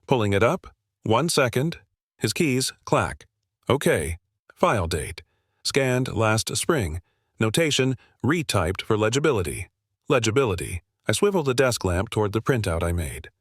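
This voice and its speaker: A man narrating a scripted first-person story in a steady, wry, literary way. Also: fairly low pitch, a little slow, no echo, clean studio sound.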